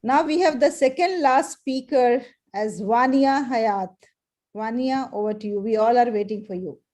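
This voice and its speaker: Woman host, higher pitch, mellow tone, gentle and effusive. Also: moderate pace. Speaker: session host. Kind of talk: moderating a video call.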